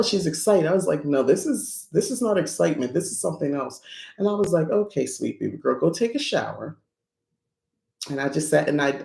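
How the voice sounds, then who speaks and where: A middle-aged woman hosts a podcast in a loose, chatty storytelling way. Her voice has a gravelly fry to it, and she acts out quoted people in her stories. The sound is roomy and echoey. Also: sits low, a little mellow. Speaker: podcast host. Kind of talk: casual chat.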